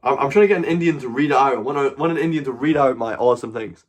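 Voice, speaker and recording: A man's voice: mid-range voice, very fast. A man with a Scottish accent hosting a live stream, bantering crudely with strangers and swearing freely. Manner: crude, swears freely, loud mocking outbursts.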